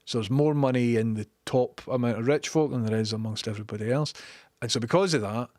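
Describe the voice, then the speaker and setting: A man's voice: medium pitch, fast, a little mellow, dry recording, studio quality. A Glaswegian man chatting casually on a live stream, sweary and opinionated as he reads chat messages. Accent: Scottish, Glaswegian. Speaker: livestreamer.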